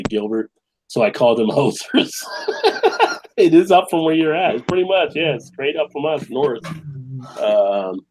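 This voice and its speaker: A man's voice: mid-range voice, a little mellow, rough recording. Male beer-stream host, mid-range voice, loose conversational delivery, reads comments aloud. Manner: chatty, reads viewer comments aloud and laughs often. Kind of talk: casual live-stream chat.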